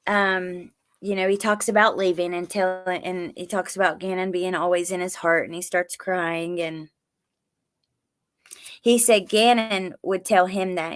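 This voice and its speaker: A woman's voice: fairly low pitch, steady tone, a little slow. Woman, livestream host, casual recap, chatty, reacts to chat. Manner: chatty, reacts to viewer comments, swears when angry. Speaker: true crime livestream host.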